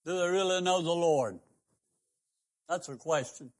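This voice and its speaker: Older preacher, fervent and high. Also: male voice, a little slow. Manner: fervent preaching with rising emphatic questions. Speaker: pastor and radio host. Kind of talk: preached sermon on radio broadcast.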